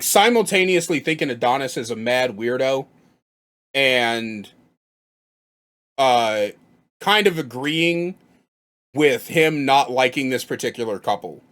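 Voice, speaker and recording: A man's voice: mid-range voice, a bit bright. A man giving blunt, profane reaction commentary, rambling and repeating himself as he makes his points.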